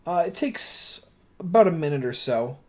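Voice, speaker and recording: A game master narrating a tabletop role-playing session in a relaxed, easygoing way with frequent fillers. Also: mid-range voice, moderate pace.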